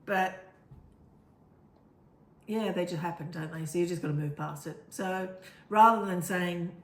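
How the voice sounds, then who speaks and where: A woman's voice: on the low side, measured pace. Chatty woman in an echoey room. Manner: chatty, rambling, laughs easily. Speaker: co-host. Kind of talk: casual chat. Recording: echoey room with faint noise.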